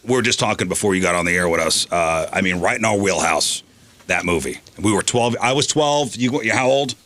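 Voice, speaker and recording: A radio host man in his forties with a bright, forward voice. He leads the conversation in an upbeat, casual way, tossing questions to his guests. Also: low voice, animated, brisk.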